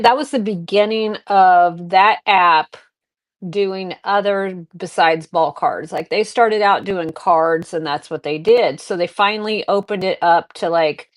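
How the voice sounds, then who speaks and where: A middle-aged woman hosting a live selling stream, chatting casually with viewers and rambling through personal anecdotes. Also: mid-range voice. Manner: rambling anecdotes, restarts and fillers, talks to viewers. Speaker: live-stream seller host.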